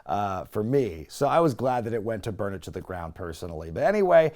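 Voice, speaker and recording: A young man hosting a casual wrestling recap, animated and sarcastic, laughing often. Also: on the low side, brisk. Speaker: wrestling review host.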